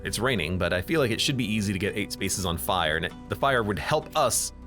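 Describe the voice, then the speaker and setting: A man's voice: lowish voice, expressive, a little fast, fairly bright tone, soft background music. A man streaming a strategy game, thinking aloud as he plans each move and often correcting himself. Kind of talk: live game commentary.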